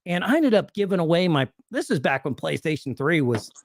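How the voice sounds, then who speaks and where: A man in a casual chat stream, telling stories in a lively way and laughing between lines. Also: fairly high pitch, fairly quick, a little hiss or hum. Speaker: co-host.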